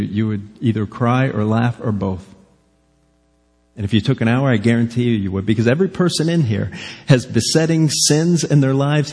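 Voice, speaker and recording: Husky guy preaching a sermon, earnest, lots of direct questions, big churchy echo. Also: medium pitch, mellow. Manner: earnest, presses listeners with repeated direct questions. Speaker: pastor. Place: church sanctuary. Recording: long reverb of a church hall.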